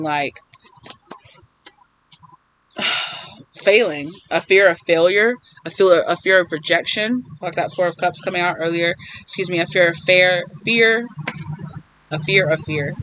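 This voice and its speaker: Bright, rambling male tarot reader. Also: fairly high pitch, slight background noise, rough recording. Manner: rambling, animated, acts out quoted voices. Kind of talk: casual spiritual tarot reading.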